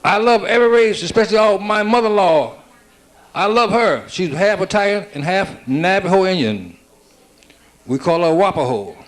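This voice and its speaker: A man's voice: high voice, animated. A man firing off stand-up one-liners. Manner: rapid-fire joke telling with "I said, she said" setups. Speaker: stand-up comedian.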